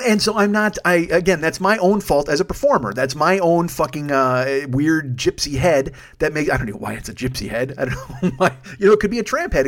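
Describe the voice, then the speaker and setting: A man doing a rambling, profane monologue as a comedy podcast host, in his forties. His voice sits a little high and races along fast. He mocks himself as he wanders between tangents. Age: 40s. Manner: profane, rambling, self-deprecating.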